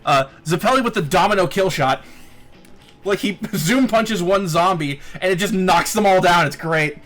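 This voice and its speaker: A man with a high voice hosts a casual chat podcast, recapping with jokes and easy profanity. He laughs often between points. Faint music plays in the background. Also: normal speed. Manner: jokey, swears freely, laughs often. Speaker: podcast host.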